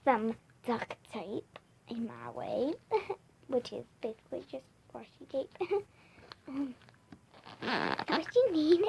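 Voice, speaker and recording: A woman's voice: fairly high pitch, vocal fry, very noisy. A young girl vlogging a playful crafts video, giggly and rambling, often dropping into whispered asides.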